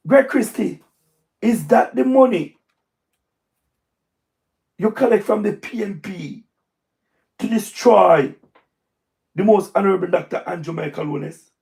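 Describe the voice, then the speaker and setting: A man with a Jamaican accent giving emphatic, repetitive political commentary on a livestream, his voice going hoarse. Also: sits high, unhurried, pauses often, a little mellow. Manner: repetitive, emphatic, speaks in patois. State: hoarse, voice wearing out. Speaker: livestream host. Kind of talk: live-stream political commentary.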